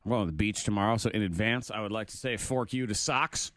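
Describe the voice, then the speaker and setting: A man's voice: fairly low pitch, steady tone, quick pace, fairly bright tone, no room sound, clean studio sound. A man co-hosting morning radio, ranting comically with mock-angry asides. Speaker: radio co-host. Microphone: studio microphone.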